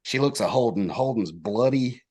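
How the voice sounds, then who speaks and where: A young man, a podcast guest telling a story in casual chat, animated and acting out quotes. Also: moderate pace, breathy edge. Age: young adult. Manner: animated storyteller, acts out quotes in high voices.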